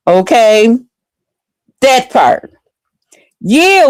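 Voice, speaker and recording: With a fairly high, animated voice at a measured pace and no echo, a woman hosts online commentary. She chats casually and profanely with her viewers, blunt and unfiltered, speaking right to them.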